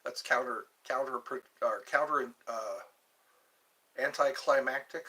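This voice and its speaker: Slow-talking bright-voiced man hosting a live stream. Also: mid-range voice, rough recording. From Georgia, USA. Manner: chatty, jumps between topics, tries out foreign phrases. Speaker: livestream host. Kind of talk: rambling live chat.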